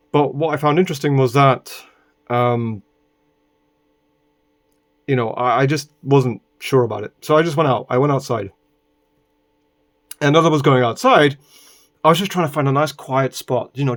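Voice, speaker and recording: A man from Britain, recording himself indoors, telling a rambling story and often checking in with "right?" between exasperated asides. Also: medium pitch. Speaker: vlogger. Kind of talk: casual storytelling monologue.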